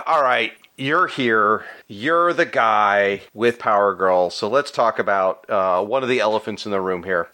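Animated, bright-voiced male podcast host. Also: mid-range voice. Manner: animated, chatty, laughs often, breaks into silly voices. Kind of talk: casual podcast chat about comics.

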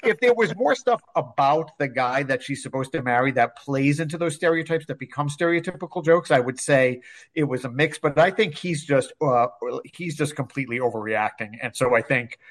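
Male co-host, mid pitch, measured and thoughtful delivery. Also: animated. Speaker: podcast co-host. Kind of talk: casual podcast discussion.

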